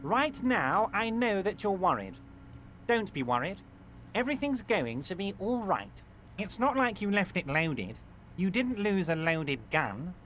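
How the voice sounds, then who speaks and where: Chefe sindical untuoso e agudo. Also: male voice, sits high, fairly bright tone, full character voice. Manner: oily, falsely reassuring. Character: large smooth-talking male union boss. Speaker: game character voice.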